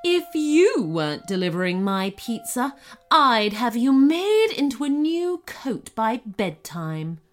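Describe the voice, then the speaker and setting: A woman's voice: a little high, sing-song, takes it slowly, voice pushed up. A woman voicing an evil, greedy female goblin queen who shrieks and cackles threats. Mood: gleeful menace. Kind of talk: storybook character voice.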